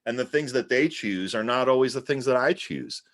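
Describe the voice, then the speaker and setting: A man's voice: mid-range voice, moderate pace, a bit bright. A man chatting casually and enthusiastically about magic he admires.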